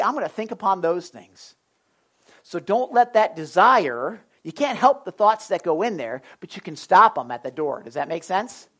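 A middle-aged man preaching a sermon in a lively, chatty way, slipping into quick acted asides. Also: sits high. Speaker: pastor.

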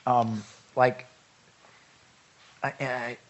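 A man preaching a sermon in a conversational way, urging his listeners loudly one moment and reading scripture in a hushed voice the next. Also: medium pitch, little pitch movement, very slow, lo-fi sound, a little hiss or hum. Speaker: pastor.

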